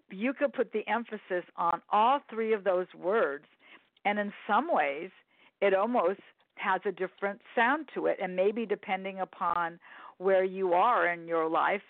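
A woman's voice: mid-range voice, no room sound. A woman hosting an interview, musing thoughtfully and praising her guest, with frequent ums and restarts. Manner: thoughtful, warm praise, many fillers. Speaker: interview host. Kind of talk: interview conversation. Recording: tinny phone-like line.

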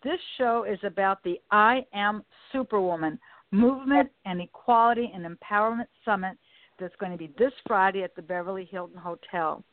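A woman's voice: medium pitch, normal speed, no echo. A woman hosting a talk radio show, introducing her guests with enthusiasm. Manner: enthusiastic, effusive. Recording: dry phone-line sound with faint music.

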